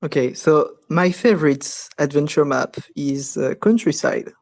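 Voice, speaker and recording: A young man, a student, speaking as a podcast guest with many hesitant fillers and soft laughs. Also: on the high side, measured pace. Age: young adult. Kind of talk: casual podcast chat.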